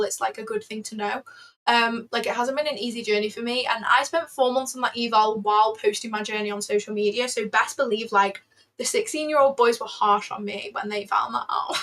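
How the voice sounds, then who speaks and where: A woman's voice: a little high, a bit bright. A woman hosting a casual trading livestream, chatting freely with lots of fillers and answering viewers as she goes. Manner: chatty, filler-heavy, answers chat aloud.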